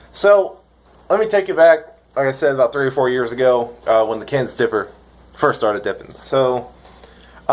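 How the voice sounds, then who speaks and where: A young man from the United States rambling excitedly in a casual vlog, swearing now and then. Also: mid-range voice. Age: young adult. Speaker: vlogger reviewing dip.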